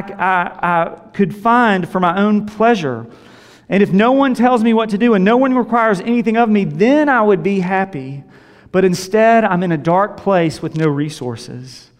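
A middle-aged man preaching a sermon as a pastor, earnest and repeating key phrases for emphasis. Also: high voice. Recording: long reverb of a large hall.

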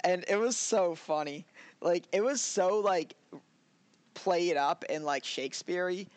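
A man's voice: sits high, unhurried, no echo. A man co-hosting a loose, chatty review of anime episodes. He rambles, laughs often and acts out the scenes he describes. His voice sounds dry and close, with no room around it. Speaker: podcast co-host. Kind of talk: casual anime review chat.

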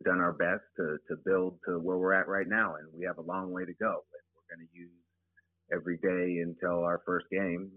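Halting deep-voiced coach on a phone line. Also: male voice, no echo. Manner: halting, repeats words, plainspoken. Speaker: high school football head coach. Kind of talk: casual interview. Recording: tinny phone line, dry.

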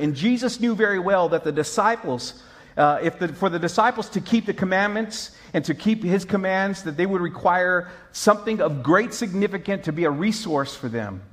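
A man preaching a sermon as pastor, telling stories with lively swings between loud and soft. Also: a little high. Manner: animated storyteller, mimics moaning, swings loud and soft.

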